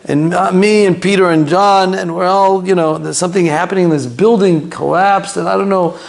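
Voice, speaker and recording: A man's voice: high voice, fairly even intonation, normal speed, creaky. A man voicing a frightened young girl who pleads with her mother about a dream. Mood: pleading. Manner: pleading, insistent.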